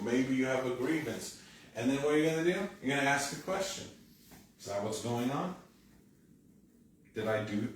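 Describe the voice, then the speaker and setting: A man preaches in a relaxed, talk-to-the-room way, breaking into little acted-out bits of dialogue. His voice is mid-pitched and sits back from the microphone. A long, roomy echo from the church hall hangs on every phrase, with faint ambience underneath. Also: far from the mic, slight background noise. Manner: conversational, animated, acts out quoted dialogue. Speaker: pastor. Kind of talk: sermon. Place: church sanctuary. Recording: echoey church hall, speaker away from mic.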